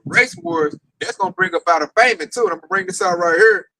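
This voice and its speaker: A man leading an informal religious teaching at a camp, excitable and telling stories with quoted voices. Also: high voice, quick pace, low-quality recording.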